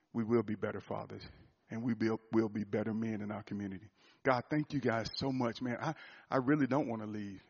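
A man's voice: mid-range voice, creaky, husky, muffled recording. A middle-aged man preaching a sermon, emotional and laughing often as he tells stories.

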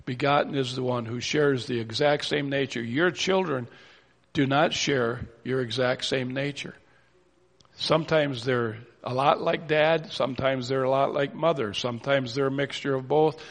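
Gravelly-voiced man preaching in a reverberant hall. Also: medium pitch, normal speed. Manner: teaching, steady and explanatory, reads verses aloud. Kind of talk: sermon. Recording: long reverb of a church hall.

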